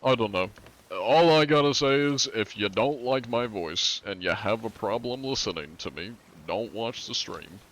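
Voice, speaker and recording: Brief: deep-voiced male game streamer, relaxed and dry, casual about cursing. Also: moderate pace, a little hiss or hum. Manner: laid-back, wry, swears casually. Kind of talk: casual live-stream chat.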